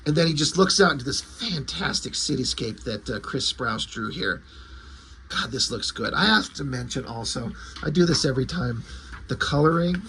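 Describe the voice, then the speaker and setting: A man casually reviewing a comic, excited and rambling as he retells the story. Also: a little high, a little hiss or hum.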